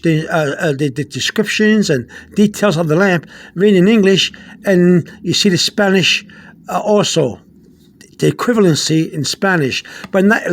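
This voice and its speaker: High-voiced man teaching casually. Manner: rambling, repeats words, many fillers; spells out Spanish words slowly. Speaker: Spanish teacher. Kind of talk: casual video lesson.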